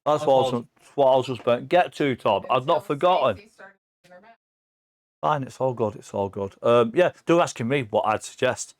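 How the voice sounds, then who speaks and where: A man in his forties with an English accent, telling stories in a sweary, animated casual chat as a podcast guest. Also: medium pitch, normal speed. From England. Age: 40s.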